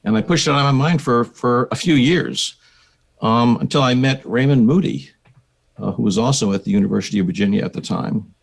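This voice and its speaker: An older man with an American accent, a psychiatrist being interviewed on a podcast, telling his story in a measured, reflective way. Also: medium pitch, vocal fry, slightly rough. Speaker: psychiatrist and researcher, guest.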